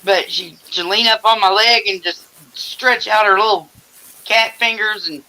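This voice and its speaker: An older man hosts a casual livestream from his home, telling crude stories in a blunt, profane way. His voice has a bright, edgy tone. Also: sits high, measured pace, rough recording. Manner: blunt, profane storytelling with laughter. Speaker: livestream host. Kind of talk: casual chat.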